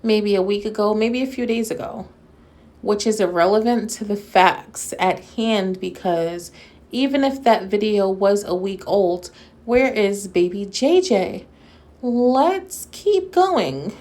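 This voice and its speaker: A woman's voice: medium pitch, measured pace, a little mellow. Sarcastic woman doing casual commentary. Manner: sarcastic, mocking, laughs often; speaks directly to her audience as friends. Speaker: commentary YouTuber.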